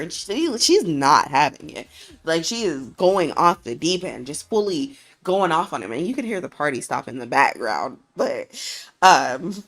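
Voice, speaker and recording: A woman streamer rambles through a dream in casual chat, leaning on fillers and restarts. Her voice sits on the low side for a woman, and faint music plays underneath. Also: animated, normal speed. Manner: rambling, filler-heavy storytelling.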